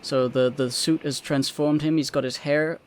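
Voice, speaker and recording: A man's voice: on the high side, steady tone, moderate pace, slight background noise. A man co-hosting a podcast, rambling casually about a manga chapter with plenty of filler words. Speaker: podcast co-host.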